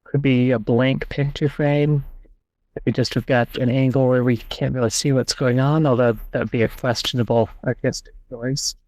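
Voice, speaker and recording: A man's voice: mid-range voice, fairly even intonation, normal speed, darkish tone, no room sound. A man hosting a podcast over an online call. He reads passages aloud and reasons through them in a casual, thinking-aloud way. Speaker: podcast host. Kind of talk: casual discussion and reading aloud.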